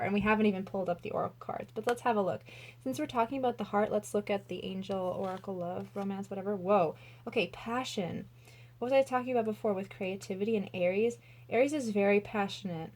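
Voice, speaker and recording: A woman's voice: medium pitch, quick pace, a little mellow. A young woman giving a casual tarot reading to camera, gushing and emotional, full of "like" fillers. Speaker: tarot reader.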